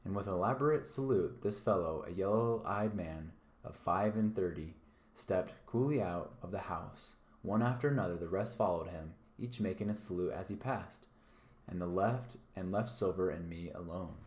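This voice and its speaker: A man, a teacher, reading a novel aloud live, pausing now and then to correct himself. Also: sits low, a little mellow. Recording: echoey room.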